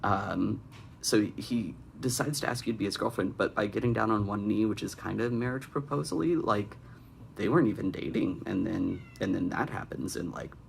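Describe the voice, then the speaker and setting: Young guy roasting bad fanfic, low gravelly voice, dry sarcastic asides. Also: moderate pace, a little hiss or hum. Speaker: fanfic critic and host. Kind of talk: comedic reading and critique.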